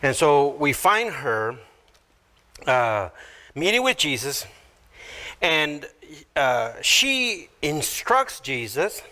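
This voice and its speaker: A man preaching a sermon as pastor, unhurried and teaching verse by verse, animated as he acts out quoted voices. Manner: animated, acts out quoted voices with sudden high pitch jumps.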